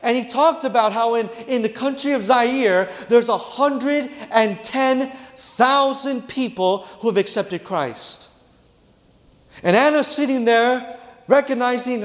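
Brief: male preacher, storytelling sermon, dramatic hushed drops, high voice, big hall reverb. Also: takes it slowly. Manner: dramatic, drops to a hush, addresses listeners as "friends".

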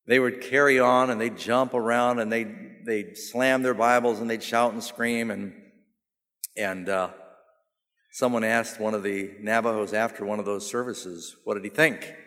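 A man preaching a sermon, telling stories with humor and rising to emphatic, animated delivery. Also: fairly low pitch, normal speed. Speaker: pastor. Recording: long hall reverb.

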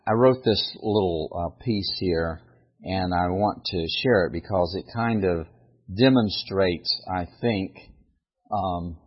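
A man preaching a sermon with animated delivery that rises to emphatic peaks. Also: deep voice, slightly rough, muffled recording. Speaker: pastor.

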